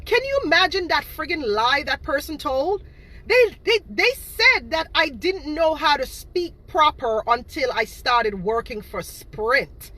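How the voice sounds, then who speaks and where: A woman's voice: sits high, big pitch swings, unhurried, hardly any pauses, pushed and bright. Indignant woman with a Jamaican patois lilt. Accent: Jamaican patois-inflected. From Boston, Massachusetts. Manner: indignant, repetitive, emphatic. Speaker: cake seller. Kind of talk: casual rant to viewers.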